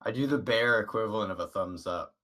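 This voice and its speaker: A man's voice: on the low side, brisk, bright, forceful tone. A man playing in a tabletop game, making dry jokes in casual chat. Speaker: player.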